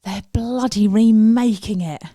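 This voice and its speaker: In a dry, studio-quality recording, a podcast co-host in her forties chats casually, animatedly telling stories, laughing, and acting out quotes. She speaks at a measured pace in a voice on the high side.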